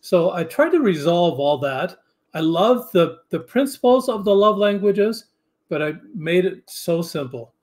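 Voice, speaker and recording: A man speaks as a podcast guest with an earnest, halting delivery. His voice is on the high side for a man. He often stops and restarts his sentences as he works through his thoughts. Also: expressive, darkish tone. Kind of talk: casual interview chat.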